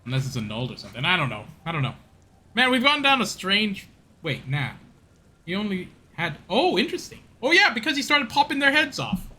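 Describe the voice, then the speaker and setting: A man's voice: high-pitched, huge pitch swings, brisk, bright, forceful tone, slightly rough. A man streaming a game, rambling casually, laughing and mocking himself. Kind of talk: casual gameplay commentary.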